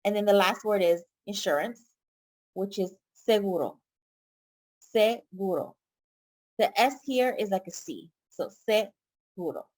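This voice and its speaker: A woman's voice: mid-range voice, lively intonation, moderate pace. A woman teaching a vocabulary lesson online, speaking patiently and repeating each word for her students. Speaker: pharmacy tech Spanish tutor.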